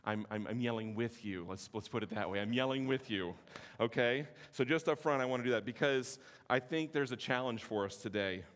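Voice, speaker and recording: A man, teaching at a conference in a passionate, sometimes forceful way with joking asides. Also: mid-range voice, brisk. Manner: passionate, can sound forceful; self-deprecating joking asides. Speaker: conference speaker. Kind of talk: teaching sermon. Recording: long hall reverb.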